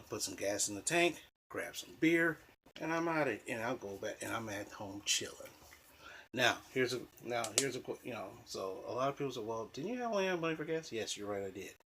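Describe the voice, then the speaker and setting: A man telling personal dating stories in a casual, animated, rambling way, swearing freely and restarting sentences. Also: fairly low pitch, a little hiss or hum. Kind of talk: casual storytelling.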